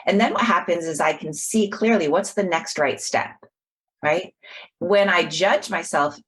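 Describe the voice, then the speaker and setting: A woman's voice: lowish voice, a bit bright, husky. A middle-aged woman psychologist talking in an earnest way, explaining ideas through personal stories on a podcast call. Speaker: guest, psychologist. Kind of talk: podcast conversation.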